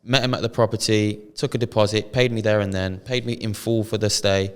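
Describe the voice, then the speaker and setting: A man's voice: lowish voice, little pitch movement, brisk, clean tone, in a large hall. A British man co-hosting a podcast, telling a story in casual chat full of slang and swearing. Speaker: podcast co-host.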